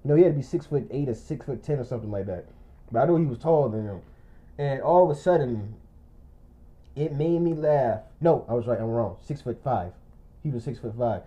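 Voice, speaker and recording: A man's voice: medium pitch, expressive, fairly quick, warm tone. A young man telling a long, rambling story in casual chat, often breaking into laughter. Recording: muffled lo-fi recording.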